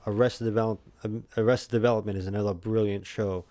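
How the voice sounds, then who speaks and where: Chatty New York guy, dark dry voice. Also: lowish voice, fairly even intonation, fast, dry recording. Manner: rambling, chatty, lots of fillers and restarts. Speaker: livestream host. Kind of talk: casual livestream chat.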